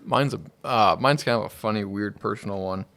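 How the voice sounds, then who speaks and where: A man co-hosting a podcast, describing a personal pet peeve with self-mocking, animated energy. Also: on the low side, fairly quick. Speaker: podcast co-host. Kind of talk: casual chat.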